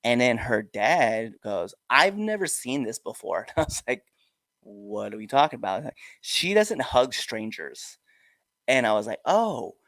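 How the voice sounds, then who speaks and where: A middle-aged man hosting a wrestling podcast, telling stories in a relaxed chat and acting out the voices of the people in them. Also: medium pitch, a little slow, dry recording. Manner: animated storyteller, acts out quoted voices. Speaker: podcast host. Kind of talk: casual interview chat.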